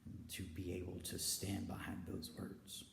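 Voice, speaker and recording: A man giving a rambling spiritual confession, slipping between hushed whispers and loud declarations, recorded in a stairwell. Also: sits low, completely flat delivery, measured pace, gravelly, slight background noise. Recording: echoey stairwell with long reverb.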